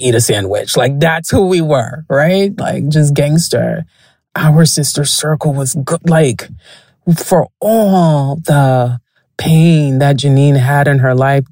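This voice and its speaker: A woman with a low voice hosts a podcast in a casual storytelling monologue. She talks frankly, swears freely and laughs often as she goes. The sound is dry and close. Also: warm tone, no echo. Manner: frank and profane, laughs often while telling stories. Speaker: podcast host.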